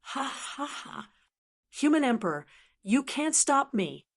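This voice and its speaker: A woman's voice: medium pitch, animated, measured pace. Woman doing a greedy, cackling old elder. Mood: gloating. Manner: gloating, crazed cackling. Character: greedy vicious old man, a purple-robed elder.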